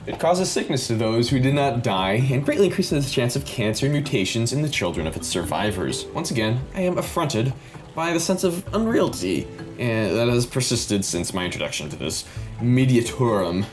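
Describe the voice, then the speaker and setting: A man's voice: medium pitch, very animated, a little fast, music in the background, natural voice. A man reading aloud as a young female student in a game's first-person narration, earnest and plain.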